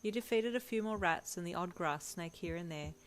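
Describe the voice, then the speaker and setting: A woman reading a second-person fanfiction story aloud at a steady, even pace. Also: fairly low pitch, fairly quick. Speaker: fanfiction reader.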